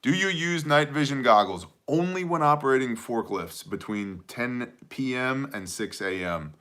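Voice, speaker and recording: Bright-voiced man hosting a live chat. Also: medium pitch, animated, normal speed. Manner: joking, conversational, reads chat aloud. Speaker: livestream host answering chat.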